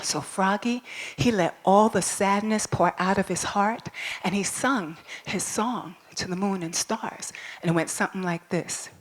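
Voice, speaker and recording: A woman storyteller speaking live to an audience at a school ball, expressive and coaxing, asking listeners to repeat words after her. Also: medium pitch, unhurried.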